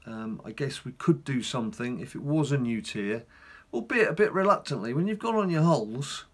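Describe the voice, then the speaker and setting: A middle-aged man talks through his own gameplay at an average pitch. He rambles in a relaxed, chatty way and drops in wry, self-deprecating asides as he goes. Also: moderate pace. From England. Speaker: gaming channel host. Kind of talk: casual gameplay commentary.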